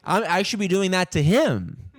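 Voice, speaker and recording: A man's voice: high voice, big pitch swings, moderate pace, no room sound, clean studio sound. A man who is a comedian and podcast host, delivering a profane, indignant comic rant full of stammered restarts. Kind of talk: ranting comic monologue.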